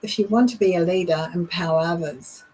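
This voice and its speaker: A middle-aged woman leadership coach teaching voice techniques in a deliberate, demonstrative way. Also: on the low side, a little mellow, husky, rough recording. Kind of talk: instructional talk.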